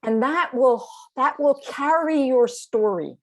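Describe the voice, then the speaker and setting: A woman runs a speech training course over a video call, explaining the assignments step by step in an encouraging way. It's an online training session. Her voice sits high and she takes it slowly, with soft background music.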